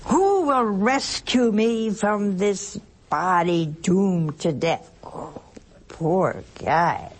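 A woman's voice: mid-range voice, lively intonation, very slow, husky. An older woman, a nun, giving a folksy, playful spiritual talk on a call-in television program in a studio, chuckling often between points.

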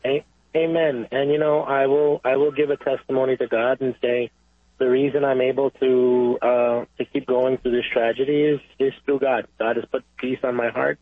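Casting: man, radio caller, earnest and halting, dry tinny phone sound. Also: medium pitch, flat delivery, no room sound. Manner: halting, repeating himself, earnest. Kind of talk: call-in radio testimony.

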